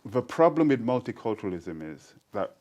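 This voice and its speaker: A Birmingham man in his sixties, whose accent carries a touch of Jamaican speech, tells stories as a poet being casually interviewed. His medium-pitched voice moves a little fast on a muffled recording, and he's animated, laughing often and slipping into quoted voices.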